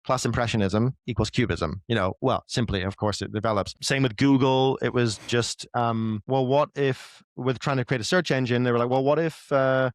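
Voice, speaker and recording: A man's voice: mid-range voice, steady tone, moderate pace, few pauses, no echo. A man, a writer, talking as a guest in a casual conversation, explaining ideas loosely with lots of fillers.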